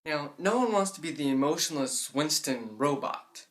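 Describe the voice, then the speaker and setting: A young man talks casually to the camera, explaining a speaking tip. His delivery leans toward a monotone, and he relaxes into fillers like "I mean" and "like" as he goes. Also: a little high, normal speed. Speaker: vlogger giving tips. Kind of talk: casual educational vlog.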